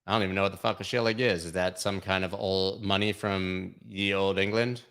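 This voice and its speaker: A man's low, clean, slightly bright voice moves briskly with fairly even intonation as he reviews charts on his crypto livestream, mocking and swearing his way through irreverent, casual commentary.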